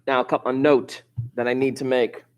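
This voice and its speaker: A man lecturing a high school statistics class at an ordinary mid pitch. He talks in a relaxed, offhand way with casual asides. When a point matters, he slows down and says it again. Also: clean tone. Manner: repeats key points slowly for emphasis.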